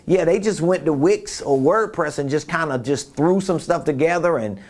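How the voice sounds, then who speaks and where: Male business coach, conversational and repetitive, voice sitting a touch high. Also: moderate pace, darkish tone. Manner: conversational, repeats points, rhetorical questions. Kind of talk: casual coaching talk.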